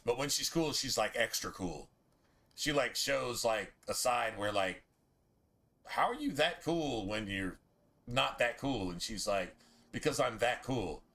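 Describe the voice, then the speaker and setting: Male streamer, bright and forceful voice, laid-back and profane, loose gameplay chatter. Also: mid-range voice. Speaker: game streamer. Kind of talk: casual gameplay commentary.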